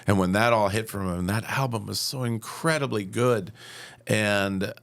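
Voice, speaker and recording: A man's voice: on the low side, normal speed, creaky. A man in his fifties from upstate New York, a podcast guest telling personal stories and acting out what people said. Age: 50s. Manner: animated storyteller who acts out quotes. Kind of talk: personal storytelling.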